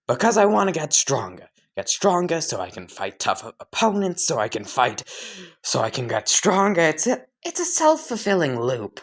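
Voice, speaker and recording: A man voicing a hot-headed male demon who is always spoiling for a fight, loud and brash. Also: mid-range voice, expressive, unhurried, creaky, slightly rough, exaggerated voice. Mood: eager.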